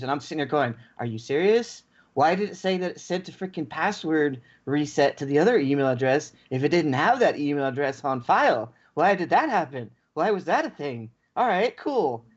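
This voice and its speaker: A man co-hosting a podcast, ranting in a casual chat and acting out both sides of the story. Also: a little high. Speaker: podcast co-host. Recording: dull lo-fi podcast audio.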